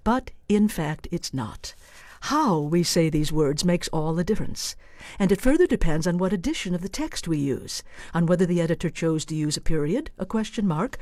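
A woman's voice: fairly low pitch, darkish tone, no echo. Theatrical woman doing a radio essay, voice swoops around a lot, dry studio sound. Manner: playful, wry, theatrical delivery. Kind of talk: scripted radio commentary.

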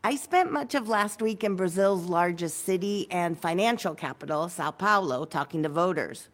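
A woman correspondent reads a news report with a lower-pitched voice. She speaks in a measured, clear way, in a steady reporting tone. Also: slight background noise. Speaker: foreign correspondent.

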